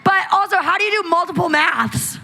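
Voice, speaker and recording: A bubbly young woman with an American accent, her voice bright and forceful. She chats as a guest in a live onstage conversation, animated and quick to laugh. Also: extremely high pitch, vocal fry, slight background noise. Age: young adult.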